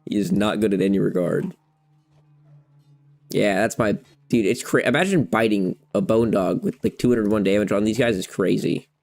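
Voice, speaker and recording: A man's voice: lowish voice, normal speed, creaky, darkish tone. A man giving rambling, playful gameplay commentary at a desk mic, chatting to his cats between moments in the game. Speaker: gamer.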